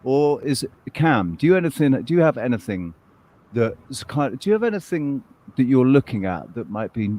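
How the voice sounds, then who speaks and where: A man's voice: medium pitch, sing-song, moderate pace, a little mellow. A man hosting a casual live stream chat over a video call, jokey and teasing. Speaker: host.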